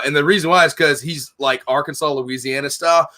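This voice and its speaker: A man's voice: a little high, fairly even intonation, fast, hardly any pauses, sharp tone. A man hosting a casual chat, telling rambling, profane stories.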